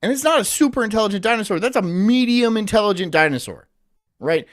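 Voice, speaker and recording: A man's voice: high-pitched, lively intonation, fast talker. A man rambling sardonically while streaming live commentary, laughing at his own jokes.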